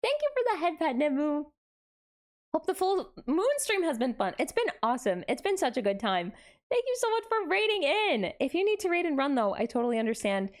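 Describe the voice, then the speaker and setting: A young adult woman VTuber streams casually, her high voice brisk with wide pitch swings. She's bubbly, greeting chat with gasps and frequent laughter.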